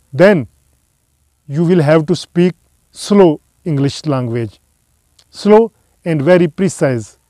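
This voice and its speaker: A man giving a spoken English lesson to his viewers, offering slow, earnest advice and repeating key phrases. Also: high-pitched, mellow, no room sound. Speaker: English teacher.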